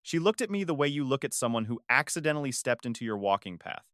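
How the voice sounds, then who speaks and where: A man narrating a first-person dramatic story in a measured, confessional way. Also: medium pitch, big pitch swings, a bit bright, no room sound, studio quality.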